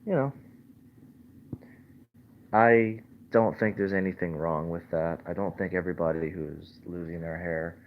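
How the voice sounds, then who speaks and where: A young man with a deep, gravelly voice rambles slowly from his bed, pausing often on fillers. The camera mic sounds muffled, with a faint hiss behind it. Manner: meandering, many fillers. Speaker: vlogger. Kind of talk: casual rambling livestream. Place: in bed at home.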